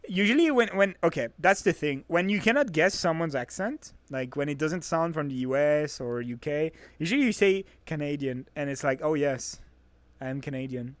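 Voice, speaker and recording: A man's voice: on the high side, animated, moderate pace, hardly any pauses, no echo. A man with a French accent, a native French speaker, chatting casually on a stream in a playful, teasing way. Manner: playful, teasing, laughs easily. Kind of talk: casual chat.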